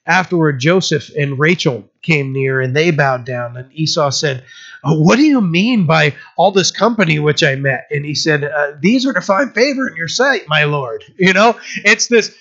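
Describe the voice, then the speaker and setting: A man's voice: fairly high pitch, animated, normal speed, vocal fry, a bit bright. A male pastor giving an informal, conversational Bible teaching sermon, retelling scripture scenes in everyday speech. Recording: slightly muffled lo-fi recording.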